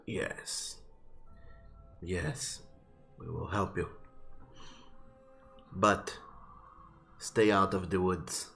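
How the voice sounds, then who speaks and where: A man voicing a cautious lizardfolk elder who speaks slowly and quietly. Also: steady tone, vocal fry, soft background music, full character voice. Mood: grave warning. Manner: slow, low and hushed. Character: soft-spoken lizardfolk elder, grave and cautious.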